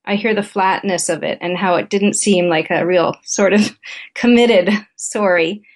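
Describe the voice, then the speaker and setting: A woman's voice: fairly low pitch, measured pace. A middle-aged woman, a therapist and author, candidly telling a personal story as a guest in an interview. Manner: candid, conversational anecdote telling.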